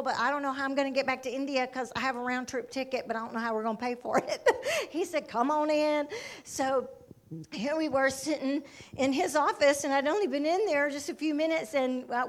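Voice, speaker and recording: A woman missionary telling her personal testimony in an animated way, often exclaiming praise. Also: sits high.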